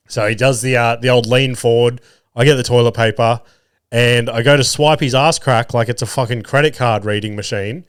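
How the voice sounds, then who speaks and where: A podcast host in his thirties with an Australian accent tells crude stories about his kids, swearing and laughing at them. His mid-range voice is clear and resonant with fairly even intonation at a normal speed, recorded in clean studio sound with no room sound.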